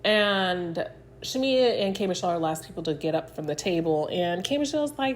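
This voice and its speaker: A woman's voice: lowish voice, lively intonation, a little fast, a little hiss or hum. A woman casually recapping a reality TV episode, chatty and full of fillers, acting out what the cast said. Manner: chatty, filler-heavy retelling that acts out quotes.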